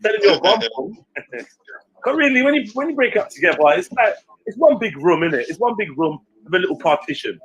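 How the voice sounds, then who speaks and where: A man, telling a story in casual chat, animated and slangy, swearing freely and acting out what others said. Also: high voice, fairly quick, lo-fi sound. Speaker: stream panelist.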